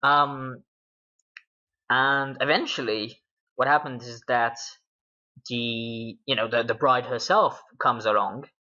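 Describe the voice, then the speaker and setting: Bright-voiced British gamer recapping a session. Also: male voice, mid-range voice, fairly even intonation, slow, pauses often. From Britain. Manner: rambling, with many fillers and laughs. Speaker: game master. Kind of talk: casual recap of a tabletop game. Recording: dull lo-fi recording.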